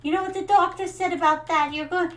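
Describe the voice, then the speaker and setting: A woman's voice: extremely high pitch, steady tone, brisk, pitched above the performer's own voice. Woman putting on a nagging New Jersey mom. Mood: scolding. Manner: bossy, scolding. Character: nagging loud middle-aged mother.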